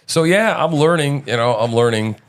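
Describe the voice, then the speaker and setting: A man's voice: mid-range voice, lively intonation, moderate pace. A middle-aged man hosting a casual live-stream chat, rambling loosely with many fillers and restarts. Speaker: show host.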